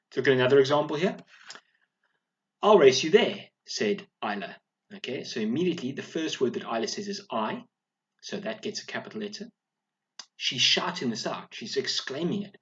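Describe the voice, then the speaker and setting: A man teaching a recorded video lesson to young schoolchildren, speaking clearly and encouragingly, often checking in with "all right?". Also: medium pitch, a bit bright, highs cut off.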